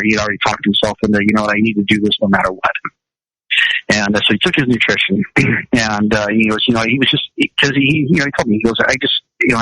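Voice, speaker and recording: A man's voice: lowish voice, sharp tone, dry recording, poor audio. A man, a wellness practitioner, chatting on a radio show in a rambling way with many restarts. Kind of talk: casual radio chat.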